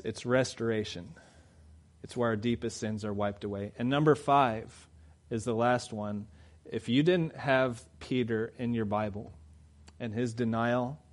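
A man delivers a sermon in a mid-range voice. He moves between quiet, reflective passages and loud, fervent emphasis, pressing his points home to the congregation. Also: mid-range voice. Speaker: preacher.

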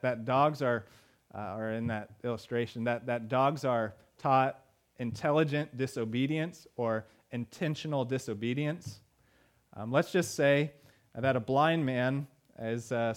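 A man's voice: mid-range voice, a bit bright. A male pastor delivering a sermon in a conversational way, with fillers and emphatic repeated lines.

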